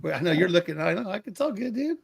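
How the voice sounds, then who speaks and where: A middle-aged man hosts a casual livestream show over a video call. His voice sits a little high, and he rambles, apologizes and restarts his sentences often. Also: sing-song, fast, vocal fry, crowd noise. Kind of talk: casual chat.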